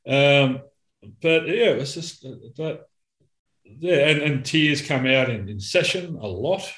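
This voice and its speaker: A man, a therapist, in casual conversation, telling stories in an animated way. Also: mid-range voice, slow. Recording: roomy echo.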